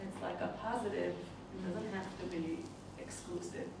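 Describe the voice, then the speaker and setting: A woman's voice: fairly low pitch, fairly even intonation, normal speed, creaky, a crowd in the background. A woman student in a class, thoughtfully answering with examples. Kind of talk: classroom discussion. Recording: distant, echoey, loud background noise.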